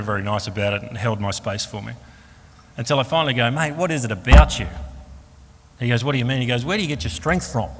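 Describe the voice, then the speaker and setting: An Australian man giving a personal faith testimony at a fellowship meeting, an animated storyteller who acts out the voices of the people in his story. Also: medium pitch. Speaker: speaker at a Christian fellowship meeting. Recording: long hall reverb, faint room noise.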